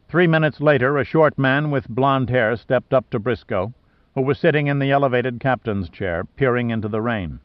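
A man's voice: mid-range voice, moderate pace, no echo. Man reading an adventure novel aloud. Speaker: audiobook narrator. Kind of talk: scripted narration. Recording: dull dry studio audio.

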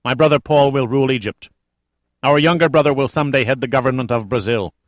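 A man's voice: medium pitch, fast, no echo, voice pushed up, natural voice. A man playing a menacing, grandiose cult leader. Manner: cold, commanding, contemptuous.

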